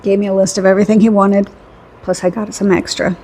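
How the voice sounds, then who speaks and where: Woman, middle-aged, husky voice, chatty rambling vlog storyteller, laughs a lot. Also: medium pitch, level tone, quick pace, warm tone. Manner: chatty and rambling, laughs often, repeats "I mean to tell you". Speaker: vlogger. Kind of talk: casual storytelling.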